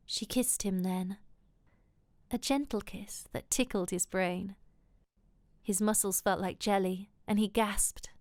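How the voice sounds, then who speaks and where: A woman reading a romance novel aloud in a soft, intimate, often whispered way. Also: medium pitch, steady tone, unhurried, dry recording. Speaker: audiobook reader.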